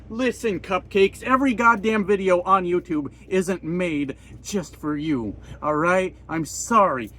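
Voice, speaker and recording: Trucker guy venting in his cab at a truck stop, high voice, sarcastic, swears nonstop. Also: fairly bright tone. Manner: blunt, sarcastic, swears a lot. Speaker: trucker vlogger. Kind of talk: profane ranting vlog.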